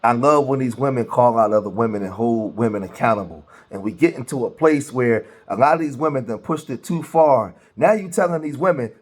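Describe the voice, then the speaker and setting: Husky, animated man hosting reaction talk. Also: a little high. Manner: animated, laughing, preachy street talk. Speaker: commentary host reacting to clips. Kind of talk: casual reaction commentary.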